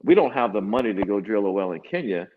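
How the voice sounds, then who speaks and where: A man from the American South telling his story as an interview guest, halting, with many fillers and repeated words. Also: lowish voice, expressive, slight background noise. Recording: dull remote connection.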